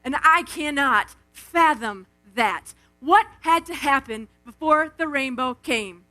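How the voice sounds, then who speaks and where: A woman giving a lively devotional talk from an outdoor event stage, acting out quotes and calling on the crowd on a stage microphone. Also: sits high, slow, faint music behind. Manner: animated, acts out quotes, calls on the crowd. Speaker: speaker at a live Christian event. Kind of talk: energetic devotional talk with storytelling.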